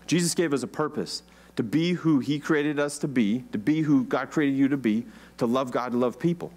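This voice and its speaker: A man's voice: medium pitch, moderate pace, darkish tone. A man preaching a conversational sermon, asking the congregation questions. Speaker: pastor.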